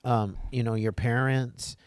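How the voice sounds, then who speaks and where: A man's voice: mid-range voice, steady tone, clean tone, no room sound, clean studio sound. A man, hosting a recovery podcast and talking casually, restarting and repeating words as he goes. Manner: halting, repeats words, says "y'all".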